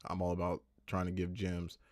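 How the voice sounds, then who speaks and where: A man's voice: low voice, completely flat delivery, moderate pace, a little mellow, dry recording, studio quality. A man who produces and mixes music, talking casually on a livestream tutorial in a loose, rambling way that often corrects itself. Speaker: music producer and mix engineer.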